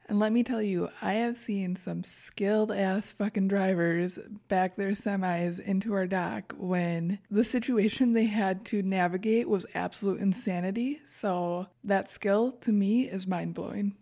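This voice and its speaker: Co-host, female, mid pitch, plain-spoken and profane. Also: fairly even intonation, unhurried, hardly any pauses, mellow. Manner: blunt, swearing. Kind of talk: casual chat.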